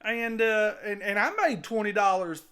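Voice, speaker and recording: A man's voice: sits high, expressive, normal speed, fairly bright tone, clear, resonant tone. A man playing a nervous, rambling servant who tells his tale in a comic skit. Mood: sheepish.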